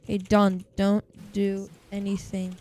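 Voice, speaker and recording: A man hosting a live game stream talks to his viewers at a slow pace in a high, youthful voice. His chatter is casual, punctuated by loud, excited outbursts.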